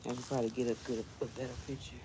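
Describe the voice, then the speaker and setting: A woman's voice: rumbling low, little pitch movement, rapid-fire, background noise. A woman vlogger talking casually to her viewers, chatty and jumpy, laughing often as she frets.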